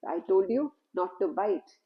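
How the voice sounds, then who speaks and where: A woman's voice: medium pitch, lively intonation, a little slow, dull audio, close to an everyday voice. A woman voicing a wise, loving old holy man who questions his disciple earnestly, in a told story. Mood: concerned, earnest.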